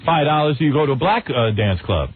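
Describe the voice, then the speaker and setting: A male radio host interviewing a caller, prodding and teasing him with quick-fire questions. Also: mid-range voice, very animated, over a noisy crowd. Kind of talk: provocative radio banter. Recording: tinny phone-like sound.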